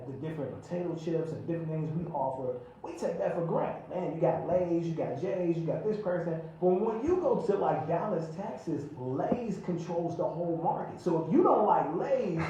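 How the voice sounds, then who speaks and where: A man hosting a radio interview, animated and excitable, sprinkling "man" through his sentences. His voice sits a little high for a man and sounds set back from the mic. The room around him is very echoey, with a faint hiss underneath. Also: normal speed, hardly any pauses, distant mic. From Chicago. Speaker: radio host.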